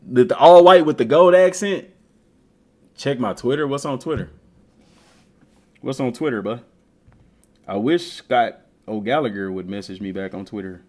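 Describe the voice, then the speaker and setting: A man's voice: medium pitch, normal speed, long pauses. A man chatting casually and trash-talking as a gaming streamer. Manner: animated, trash-talking, slangy. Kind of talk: casual chat while browsing a game.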